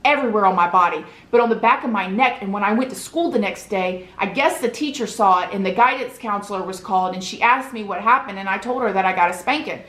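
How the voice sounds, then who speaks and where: A woman's voice: medium pitch, quick pace, hardly any pauses, fairly bright tone. A woman, a vlogger telling an emotional story from her childhood in an earnest, confiding way, often asking the listener "right?". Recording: echoey room.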